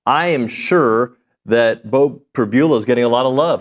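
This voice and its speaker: A man's voice: medium pitch, moderate pace. A man hosting a sports talk radio show in a studio, upbeat and reading sponsor plugs.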